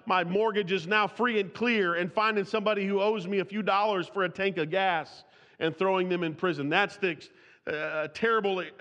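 A man's voice: high voice, sharp tone, lo-fi sound. A man preaching an expository sermon, reading scripture aloud in old-fashioned wording and often restarting his sentences. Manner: reads scripture aloud in King James wording; restarts and repeats words while speaking freely. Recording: long hall reverb.

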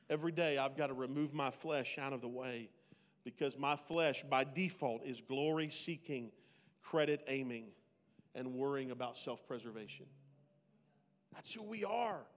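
A man preaching a sermon, swinging between loud, pleading bursts and hushed, slow lines. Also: a little high, big-room sound. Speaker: pastor.

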